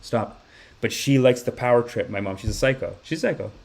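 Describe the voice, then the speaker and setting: A man's voice: mid-range voice, quick pace, vocal fry. A young man hosting a comedy podcast, telling stories animatedly and slipping into voices. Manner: animated, acts out people with voices. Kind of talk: comedic storytelling monologue.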